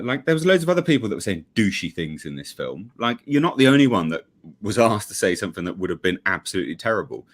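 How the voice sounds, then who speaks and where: A man with a lowish voice that swings widely up and down as he rants. His commentary is blunt, sarcastic and full of swearing. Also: big pitch swings, brisk. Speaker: regular panelist. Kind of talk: heated livestream commentary.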